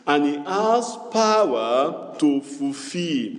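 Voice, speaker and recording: A man's voice: sits high, big pitch swings, takes it slowly, darkish tone. A man preaching a sermon as pastor, repeating phrases and calling out to the congregation in a sing-song cadence. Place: church hall. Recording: echoey church hall, long reverb.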